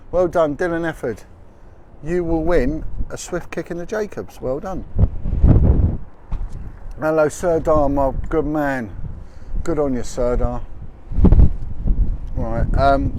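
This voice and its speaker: A man's voice: a little high, a little mellow. A man hosting a casual livestream outdoors, chatting with asides as he reads out figures. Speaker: livestream host. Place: outdoors in windy street. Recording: noisy outdoor street recording. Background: wind, traffic and street noise.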